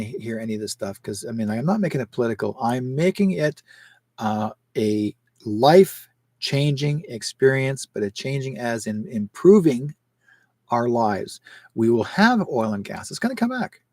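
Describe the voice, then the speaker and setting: A Canadian man hosting a live call-in psychic show, talking in an emphatic, rambling way with sudden rises in pitch. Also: mellow, no echo. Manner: emphatic, rambling, rising sharply on points.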